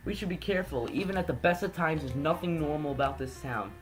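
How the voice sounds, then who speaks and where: Earnest, worried young game heroine, pitched up and loud, as a man plays her. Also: fast talker, soft background music, close to an everyday voice.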